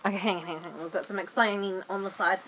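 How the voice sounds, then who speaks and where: A woman's voice: mid-range voice, steady tone, very fast, fairly bright tone. A woman co-hosting a game let's play, reading tutorial text and adding dry quips. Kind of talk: casual gameplay chat.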